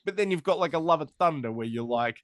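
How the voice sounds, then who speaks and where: A man's voice: on the high side, no room sound, clean studio sound. A man co-hosting a comic book podcast, chatting casually with lots of laughter and strong opinions. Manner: animated, laughing, quick opinions. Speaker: podcast co-host. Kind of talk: casual chat.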